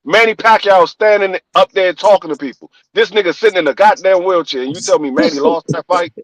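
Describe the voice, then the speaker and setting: A man co-hosting a podcast, talking boxing in animated, profane casual chat and repeating his punchlines. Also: high-pitched, brisk, a crowd in the background, rough recording. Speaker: podcast co-host.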